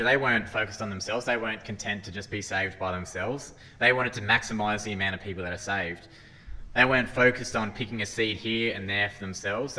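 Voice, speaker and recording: A man's voice: fairly low pitch, pushed and bright, a little hiss or hum. A man giving an earnest sermon talk as a lay preacher, reading scripture and often restarting his phrases. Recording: hall reverb, faint ambience.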